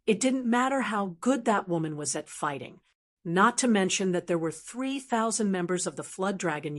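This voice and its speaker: Woman narrating a novel, steady delivery. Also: mid-range voice. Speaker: audiobook narrator. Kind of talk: scripted narration.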